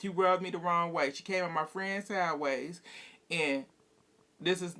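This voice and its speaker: A man's voice: high-pitched, fairly even intonation, moderate pace, bright, forceful tone. A man casually recapping a reality TV episode, retelling scenes in a blunt, profane, gossipy way and quoting the cast as he goes.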